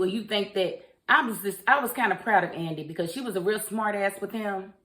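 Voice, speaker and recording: A woman's voice: mid-range voice, fairly quick, hardly any pauses, pushed and bright. Opinionated woman reviewing a TV show. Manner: opinionated, talks straight to the characters. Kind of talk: casual chat.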